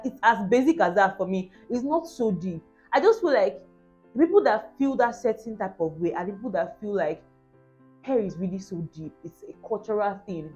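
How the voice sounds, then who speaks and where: A woman's voice: medium pitch, a little mellow. Woman vlogger, casual earnest reaction chat, muffled lo-fi audio with faint music. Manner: earnest, chatty, emphatic repetition. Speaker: vlogger host. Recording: dull lo-fi sound, faint music.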